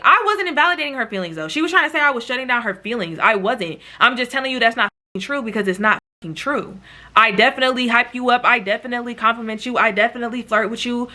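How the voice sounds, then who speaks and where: A woman telling a story in a casual vlog, animated and chatty, talking straight to her viewers. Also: fairly high pitch, quick pace. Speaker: vlogger.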